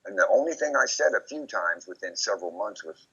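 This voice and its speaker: A man being interviewed, rambling and repeating himself as he recounts memories, often quoting others in lively put-on voices. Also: fairly low pitch, fairly quick, slightly rough. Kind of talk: casual recorded conversation. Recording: dull lo-fi recording.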